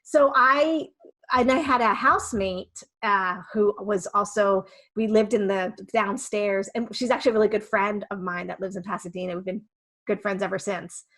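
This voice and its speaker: A woman in her fifties from the Philadelphia area, a guest chatting casually and telling animated stories. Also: medium pitch, moderate pace. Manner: chatty, storytelling with animated quoted voices. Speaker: guest, actress and photographer. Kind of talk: casual chat.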